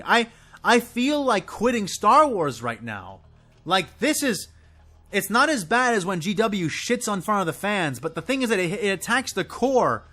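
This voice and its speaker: A man giving an impassioned, exasperated solo rant to camera, swearing and sputtering as he goes. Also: bright, forceful tone. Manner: exasperated, swearing, high and swooping. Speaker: video creator ranting about a show.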